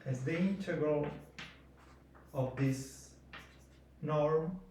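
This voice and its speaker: A man giving a mathematics lecture, slow and halting, pausing between phrases. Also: fairly high pitch, a little mellow, slight background noise. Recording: echoey room, voice from far off.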